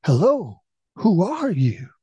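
A man voicing an excited eight-year-old boy who calls out loudly on a mountain hike in a told story. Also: sits high, slow pace, husky, no echo, voice pushed up, heavily acted. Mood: startled. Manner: loud, startled calling out.

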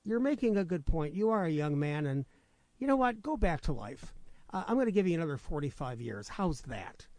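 A man's voice: a little high, sing-song, a little fast, darkish tone, no room sound. A man doing an offhand, chatty God. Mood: breezy. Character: boastful easygoing God, male.

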